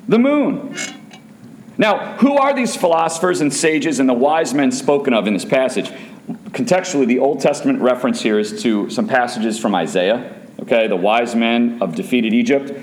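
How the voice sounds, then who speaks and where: Emphatic, animated male preacher. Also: a little high. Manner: emphatic, repeats rhetorical questions, bursts of excitement. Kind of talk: sermon.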